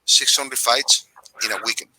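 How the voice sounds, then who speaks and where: A middle-aged man with a very bright, forceful voice tells a long story in a relaxed interview. He often restarts his sentences and acts out what others said. The close mic sits in a dry room. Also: medium pitch, moderate pace, no echo, rough recording. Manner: animated storyteller, many restarts and acted-out quotes. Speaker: podcast guest, Muay Thai fighter.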